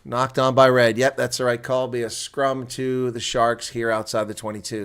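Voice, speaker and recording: A man giving live play-by-play rugby commentary as a solo reaction streamer, talking casually and getting louder and more worked up when attacks build near the try line. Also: medium pitch, normal speed, smooth. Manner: excitable, rising to near shouting on attacking plays.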